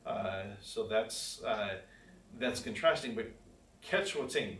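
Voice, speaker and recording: With a lowish, fairly bright voice and lively intonation, a man teaches a church Bible class at a measured pace. He's casual and conversational, questioning the class and giving the verses he reads aloud real emphasis. There's room echo, distance from the mic and faint hiss.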